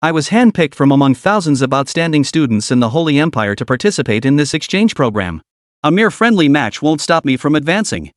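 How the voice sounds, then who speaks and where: A man's voice: on the high side, sing-song, brisk, dry recording, studio quality. A man voicing a proud, confident young woman knight, speaking in plain declarative lines.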